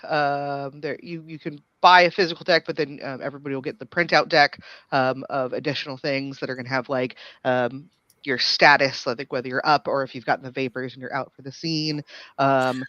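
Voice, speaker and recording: A man's voice: medium pitch, steady tone, fairly quick, pushed and bright, no room sound. A man speaking as a guest game designer over a remote call, hesitant with many fillers. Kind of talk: casual interview. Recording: dry, dull remote audio.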